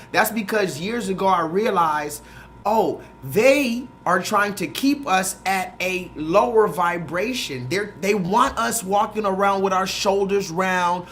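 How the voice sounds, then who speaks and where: A man's voice: sits high, slight background noise. A man hosting a livestream, ranting animatedly and reading comments from the chat. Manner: animated, reads chat comments, rants and riffs. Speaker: livestream host. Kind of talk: livestream rant.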